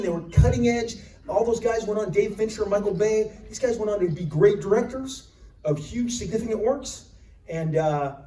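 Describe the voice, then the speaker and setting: A sarcastic man in his fifties tells animated stories to a crowd at a convention panel. His voice is high for a man but mellow. It comes from a distance in a big echoey hall. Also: slight background noise. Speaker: panel guest. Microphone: recorded from the audience.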